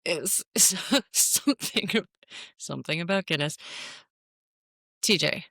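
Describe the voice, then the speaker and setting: Female co-host, bright tone, close dry mic, joking casual banter. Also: on the low side, slow, gravelly, dry recording. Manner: playful, teasing, laughs often. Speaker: podcast co-host. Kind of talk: casual chat.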